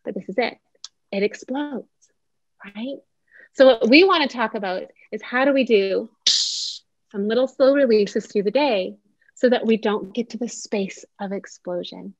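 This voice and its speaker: A woman's voice: on the high side, unhurried, pauses often, no echo. A woman co-presenting an online workshop who speaks casually and addresses the audience directly. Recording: dull, dry lo-fi audio.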